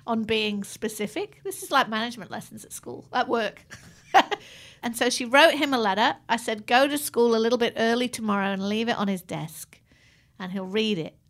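A woman's voice: on the high side, normal speed, a bit bright. A middle-aged woman with an Australian accent, chatting casually as a co-host and telling a long story, laughing often. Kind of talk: casual chat.

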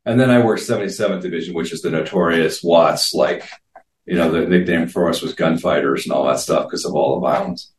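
A man's voice: deep voice, brisk. A man in his fifties, an interview guest, telling vivid stories earnestly with frequent restarts. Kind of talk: casual storytelling. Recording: roomy sound, distant from mic.

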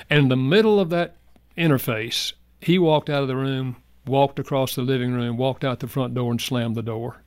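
An older man, a guest author, telling personal stories in an earnest, heartfelt way, going soft in emotional moments. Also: mid-range voice, moderate pace, clear, resonant tone, no room sound. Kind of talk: reflective personal storytelling.

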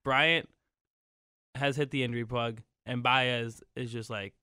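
A man in his twenties sitting in as producer on sports talk radio, easygoing and agreeable. His voice is bright and smooth, and it sounds dry and close on a studio mic. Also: medium pitch, steady tone, measured pace, no echo. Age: 20s. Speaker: radio show producer and co-host. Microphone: studio microphone.

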